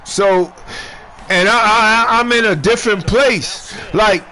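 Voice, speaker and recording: Man, New York accent, older, raised pitch, profane street slang, animated storyteller, casual talk over a game. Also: slow pace. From Brooklyn, New York. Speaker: gamer streaming online play. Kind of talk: casual chat while gaming.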